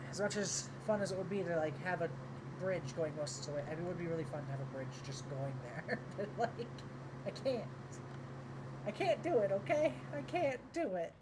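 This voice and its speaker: A woman's voice: deep voice, noisy background. A woman streaming a game, chatting casually and rambling with self-deprecating, sweary humor. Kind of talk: casual gameplay commentary.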